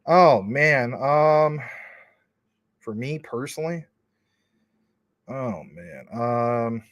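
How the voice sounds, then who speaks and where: A man chats casually on his livestream, reading out viewer comments and answering them. He rambles informally with plenty of fillers, at a middling pitch. The sound is dry and close. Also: lively intonation, very slow, fairly bright tone, dry recording, dull audio. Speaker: crypto livestream host.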